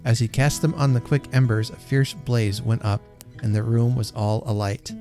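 Male storyteller, mellow and gentle, faint guitar under the reading. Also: mid-range voice, fairly even intonation, moderate pace. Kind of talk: reading a classic story aloud.

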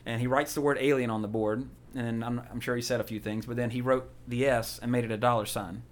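A man rattles through a rambling story on a podcast. He talks quickly and casually, often breaking into laughter. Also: medium pitch, fairly even intonation. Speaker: podcast co-host. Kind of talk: casual chat.

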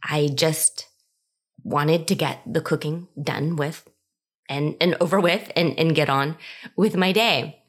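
A middle-aged woman telling a personal story in an animated way, acting out the voices in it. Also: sits low, takes it slowly, breathy edge. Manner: animated, acts out quoted voices. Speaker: cookbook author.

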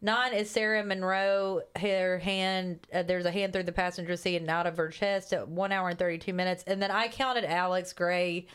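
A woman co-hosting a horror movie podcast, reading a kill count and trivia in a brisk, list-like delivery. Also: fairly low pitch, steady tone, a bit bright, smooth. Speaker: podcast co-host.

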